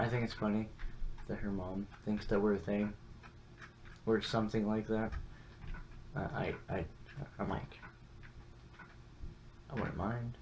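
A young man casually chatting and swearing while he plays a game, rambling and self-deprecating. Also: on the low side. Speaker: gaming channel host. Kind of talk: casual gameplay commentary. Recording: muffled, lo-fi with audible background noise.

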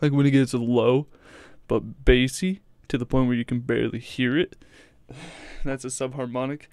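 A man's voice: mid-range voice, steady tone, normal speed, a little mellow. A man hosting a reaction video, talking casually in a rambling way, swearing freely and breaking off mid-thought.

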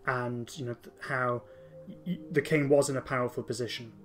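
A man's voice: mid-range voice, steady tone, soft background music. A man hosting a podcast, talking enthusiastically in a casual discussion, often stopping and restarting his sentences. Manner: enthusiastic, halting with many restarts. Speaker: podcast host.

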